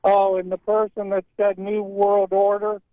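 A man's voice: sits high, completely flat delivery, measured pace, dry recording. Blunt radio host man on a tinny line. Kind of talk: call-in radio talk.

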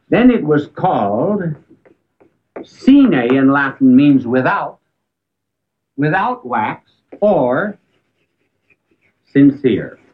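A man giving a talk on public speaking, telling an anecdote with emphatic rises and sudden quiet drops. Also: fairly high pitch. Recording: tinny phone-like band, old archive recording.

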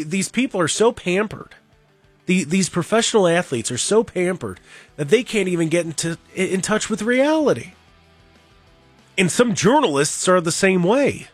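A man hosting a sports talk radio show, talking in an animated, rambling, opinionated way and mocking the people he talks about. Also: high-pitched, no echo. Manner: animated, rambling, mocking, with mimicked crowd voices. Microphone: studio microphone.

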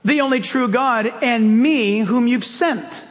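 In a church, a pastor with a fairly high voice preaches slowly, and a long, ringing hall reverb carries his words. His sermon is animated and story-driven, his pitch leaping up and down as he acts out each point.

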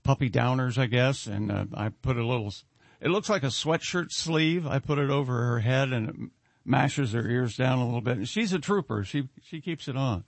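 A man's voice: medium pitch, brisk, vocal fry, no echo. A man hosting a casual radio show, joking with his co-hosts and reading out listener emails. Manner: jokey, teasing, reads listener emails aloud. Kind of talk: casual morning show banter.

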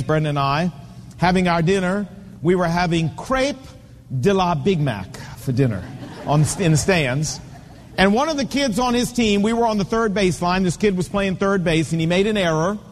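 A pastor in his fifties preaches a sermon in a high-sitting, expressive voice at normal speed, telling stories and hammering home points with repeated punchy phrases. The long reverb of a large hall surrounds him.

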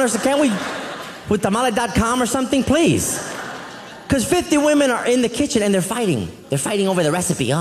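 A man doing a live stand-up routine, telling stories with an animated, exasperated delivery. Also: extremely high pitch, a little hiss or hum. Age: adult. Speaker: stand-up comedian. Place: comedy club stage. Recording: reverberant hall, faint audience.

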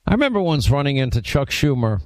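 A man hosting a talk radio show, telling stories and acting out quotes in an animated way. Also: mid-range voice, fast talker, dry recording. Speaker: radio host. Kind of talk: casual talk show banter.

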